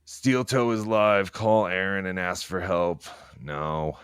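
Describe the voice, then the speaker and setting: Late at night at home, a man livestreams a casual monologue of rambling, profanity-laced stories, talking quietly so he won't wake anyone. His deep voice is slow and smooth, with no echo.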